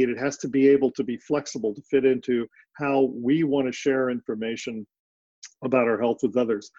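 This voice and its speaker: A man from East Texas with a Texan accent presents on a video call. He talks in a conversational, storytelling way. His voice is mid-pitched, and the recording is dry and dull. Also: dark tone, slightly rough, no room sound. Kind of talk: webinar presentation.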